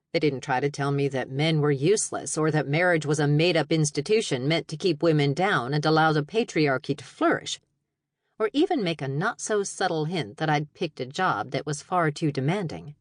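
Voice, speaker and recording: Dry, expressive woman narrating an audiobook. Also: low-pitched, moderate pace, no room sound. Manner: expressive, wry storytelling. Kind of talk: first-person audiobook narration.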